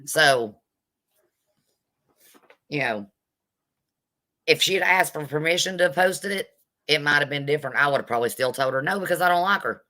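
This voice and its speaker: Blunt, sassy woman with a bright voice. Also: sits low, lively intonation, moderate pace, long pauses. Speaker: vlogger. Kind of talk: live commentary rant, greeting viewers.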